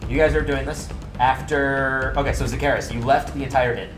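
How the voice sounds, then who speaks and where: A young man runs a tabletop game as dungeon master, talking casually with plenty of swearing and laughs. His voice sits at an ordinary pitch in an echoey room, with music playing behind him. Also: fairly even intonation, a little fast.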